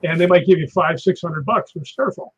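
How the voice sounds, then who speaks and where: A man, a stunt performer guest, telling lively anecdotes and acting out crashes with sound words like boom and whap, with a husky voice. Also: brisk. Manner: animated, acts out impacts with sound words. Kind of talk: anecdotal storytelling on a live show. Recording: dull lo-fi sound.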